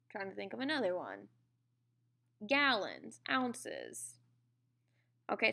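Woman, science lesson, conversational, clear bright tone. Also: mid-range voice. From United States. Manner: conversational, checks in with "okay?" and "all right?". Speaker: science teacher. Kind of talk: classroom lecture.

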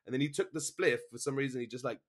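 A man telling a story in casual podcast chat, animated, swearing and acting out the people he quotes. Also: mid-range voice, quick pace.

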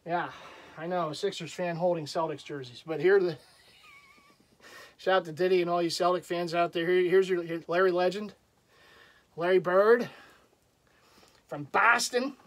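A man's voice: high voice, fairly even intonation, normal speed, pauses often. A man casually showing off his collection in a rambling, self-deprecating vlog, chuckling often. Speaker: jersey collector vlogger. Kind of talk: casual show-and-tell vlog.

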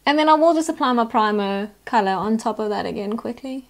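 Female beauty vlogger, bright high voice, chatty and instructive. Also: expressive, fairly quick. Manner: chatty, instructive, talks through each step. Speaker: makeup tutorial host. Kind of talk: step-by-step makeup tutorial narration.

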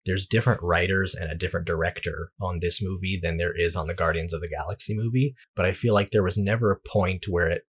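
A man with a low, husky voice co-hosts a casual movie podcast. He rambles through his points with plenty of restarts and fillers. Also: fairly even intonation, fast, hardly any pauses. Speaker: podcast co-host. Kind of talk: casual movie review chat.

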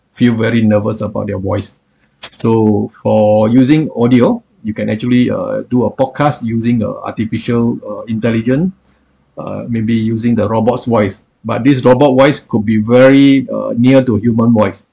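A man demoing software on screen in a halting way, with lots of fillers like "what I call". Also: medium pitch, gravelly, breathy edge, dull audio. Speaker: software reviewer. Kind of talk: screen-recorded software demo.

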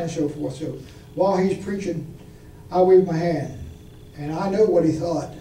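Folksy high-voiced preacher, echoey. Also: male voice, moderate pace, mellow. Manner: folksy testimony with audience questions. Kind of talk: storytelling sermon. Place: church. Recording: echoey room from far off, faint noise.

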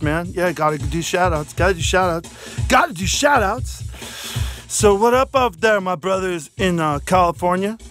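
Silly high-voiced male vlogger, loose and rambling, phone mic, soft guitar under. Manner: goofy, rambling, silly shout-outs. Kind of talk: rambling comedic vlog.

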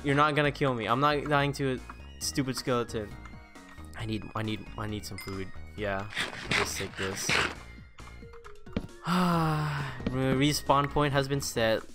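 A man giving casual gameplay commentary, excitable and self-mocking, talking to the creatures in his game. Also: mid-range voice, a little slow. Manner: excitable, self-mocking, talks to the game's mobs. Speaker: gaming YouTuber. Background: background music.

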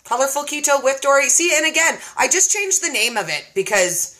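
A bubbly woman hosting a casual live-stream chat. Her voice sits high and sounds bright and sharp, and she laughs often between her chatty remarks. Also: very animated, brisk. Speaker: host.

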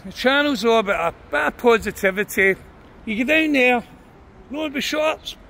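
An older Glaswegian man films a confrontational street vlog on his phone outside a club at night, rambling, arguing, and cursing on the city street. He sounds animated, his very high voice pushed and bright, moving at a moderate pace.

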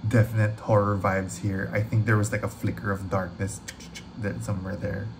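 A man hosting a trailer reaction video, gushing excitedly, rambling and swearing freely. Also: lowish voice, moderate pace, gravelly, noisy background.

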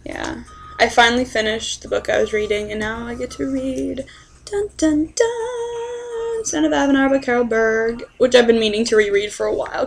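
Young woman, vlogger, excitable rambling rant, bit high pitched, gravelly fry, sudden whispers. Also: moderate pace, slight background noise. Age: young adult. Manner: excitable, swears, drops into whispers.

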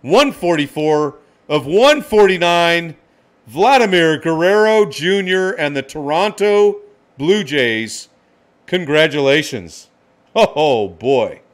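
A man hosting a live card-break stream, excitedly calling out each card and greeting viewers by name. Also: a little high.

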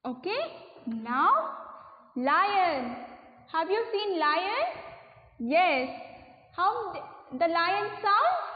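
A woman teacher with an Indian English accent gives a class lesson slowly, often checking "okay, children?". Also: very high-pitched. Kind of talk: recorded online class lesson. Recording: echoey room over a tinny phone line.

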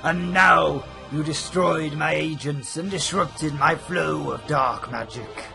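A man voicing a menacing male undead pirate overlord in a deep pirate voice, reading game dialogue. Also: takes it slowly, creaky, music in the background.

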